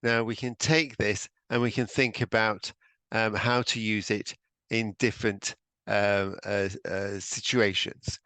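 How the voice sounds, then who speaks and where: Slow, emphatic male English teacher. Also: lowish voice, steady tone, bright, forceful tone, no echo. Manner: slow, emphatic delivery with repeated model phrases. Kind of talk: spoken language lesson with drills.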